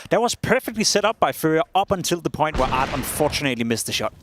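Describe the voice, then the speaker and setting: A man's voice: on the high side, big pitch swings, quick pace, noisy background. A man with a Danish accent giving explanatory color commentary on an esports match. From Denmark. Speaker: analyst.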